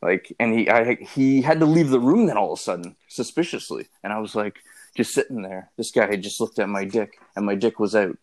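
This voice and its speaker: A young man telling an embarrassing story in casual, profane chat, rambling and packing his speech with fillers. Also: on the low side.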